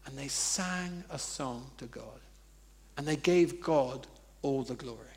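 A man's voice: medium pitch, slow pace, darkish tone. A man preaching a sermon, telling funny personal stories in a conversational way. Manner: conversational, humorous storytelling.

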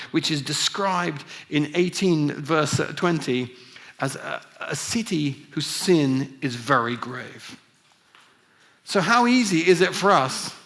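A man's voice: sits high, a bit bright. A middle-aged man from England preaching a conversational sermon, with frequent restarts and fillers.

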